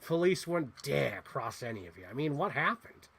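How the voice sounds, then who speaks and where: A man's voice: mid-range voice, very animated, normal speed, creaky, fairly bright tone, slightly rough, heavily acted. A man putting on the voice of a menacing male crime boss villain, mocking and theatrical. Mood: mocking menace.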